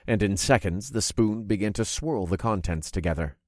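A man narrating a fantasy audiobook in the first person, expressive and acting out his own reactions. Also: on the low side, normal speed, no echo, studio quality. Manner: expressive, groaning and cursing in character.

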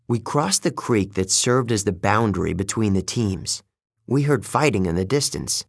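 Slow, husky male audiobook narrator. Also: lowish voice, dry recording, clean studio sound. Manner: measured, steady storytelling. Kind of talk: scripted first-person story narration.

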